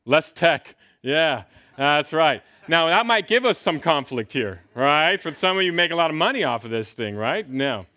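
Lively, playful male preacher. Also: a little high, moderate pace, dry recording. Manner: playful, questioning the congregation. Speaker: pastor. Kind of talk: sermon.

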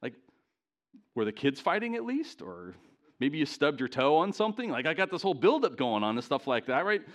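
This middle-aged preacher, speaking to a live church congregation, is animated and self-deprecating as he tells a personal story and keeps asking the listeners questions, addressing them directly in a storytelling sermon. His voice sits on the high side, and he talks briskly.

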